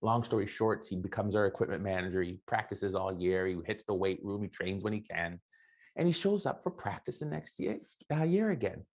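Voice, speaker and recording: Gravelly, husky man giving a motivational speech. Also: lowish voice, fairly quick. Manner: animated, acts out dialogue with voices. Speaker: motivational keynote speaker.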